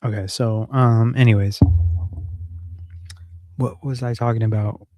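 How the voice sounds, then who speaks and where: A man's voice: mid-range voice, fairly even intonation, a little slow, a little mellow, no echo, faint music behind. A man hosting a casual live stream from home, rambling, swearing and joking with his audience. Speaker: livestream host.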